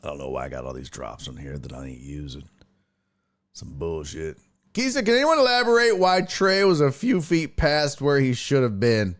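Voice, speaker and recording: Speaking at a normal speed in a medium-pitched voice, a sports talk host runs a casual livestream. He rants, spins profane, lively stories, and fields questions from viewers in the chat.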